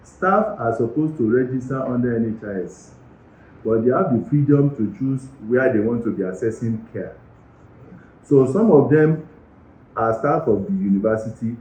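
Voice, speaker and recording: Middle-aged Nigerian man, interview answers, mellow low voice, emphatic, echoey dull recording. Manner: earnest, emphatic explaining. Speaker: university medical director. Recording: roomy, slightly dull recording.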